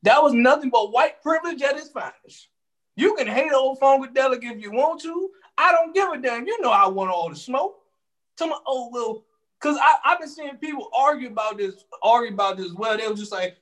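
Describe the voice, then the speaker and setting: A man with a strikingly high voice, talking fast and hot. He swears freely and gets more animated as he goes, in loose, casual talk-show commentary. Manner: heated, profane, animated. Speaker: podcast co-host.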